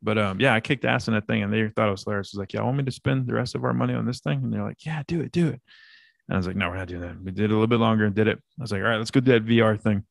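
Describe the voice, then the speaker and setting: A man co-hosting a podcast, telling an animated story in casual banter and swearing freely. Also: lowish voice, rapid-fire, gravelly, hardly any pauses, no room sound, clean studio sound. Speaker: podcast co-host.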